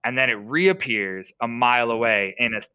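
A man's voice: mid-range voice, animated, moderate pace, pushed and bright, clear, resonant tone, no room sound, rough recording. A young man, a podcast co-host, casually retelling a story with lots of fillers and restarts.

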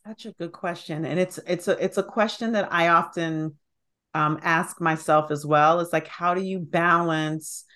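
A woman's voice: fairly low pitch, steady tone, moderate pace, sharp tone. A middle-aged woman who is the expert guest in an interview, explaining ideas thoughtfully with frequent fillers. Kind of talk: conversational interview.

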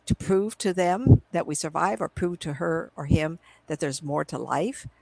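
Gravelly middle-aged woman telling stories. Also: sits low, normal speed, a little mellow, no room sound, rough recording. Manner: rambling, chatty, quotes her own past conversations. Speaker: psychic medium guest. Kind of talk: casual storytelling in a live video interview. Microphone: computer video call.

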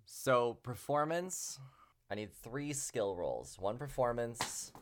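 Lively game master; swoops in pitch, keeps the scene moving. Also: slow, background noise. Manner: lively, laughing. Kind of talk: running a tabletop game.

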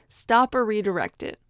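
Woman coaching you through a pep talk, chatty and laughy, mid pitch, dry sound. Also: clear, resonant tone, no room sound. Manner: chatty and encouraging, laughs often, acts out inner voices. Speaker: motivational speaker. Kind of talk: casual motivational talk.

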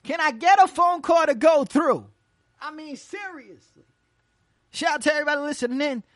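An internet radio host rattling off quick, slangy shout-outs in casual, hyped chatter. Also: sits high, no echo, clean studio sound. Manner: rapid repeated shout-outs, loose slangy banter.

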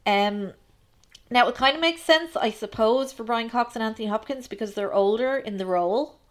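A woman's voice: on the high side, moderate pace. A woman co-hosting a podcast, chatting analytically about film with plenty of ums. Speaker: podcast co-host. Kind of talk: casual film discussion.

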